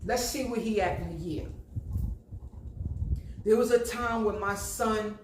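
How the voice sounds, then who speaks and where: A woman's voice: mid-range voice, unhurried, darkish tone, a little hiss or hum. Blunt woman over fifty vlogging. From New Jersey. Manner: blunt, preachy, emphatic. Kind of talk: casual monologue. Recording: echoey room with faint ambience.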